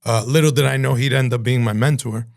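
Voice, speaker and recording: A man, a chef being interviewed, telling profane, animated stories and acting out the voices of other people. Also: mid-range voice, fast talker, creaky. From Cuban-American from New Jersey. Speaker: chef and entrepreneur, podcast guest. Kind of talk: casual storytelling interview.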